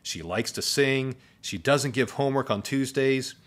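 A man voicing a friendly, easygoing zombie schoolboy in a storybook read-aloud, in a relaxed, chatty way. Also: mid-range voice, measured pace, voice pushed up, natural voice.

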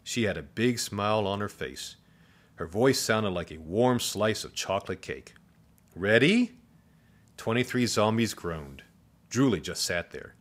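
Lively, expressive male storyteller. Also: on the low side, unhurried. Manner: expressive, playful. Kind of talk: storybook read-aloud.

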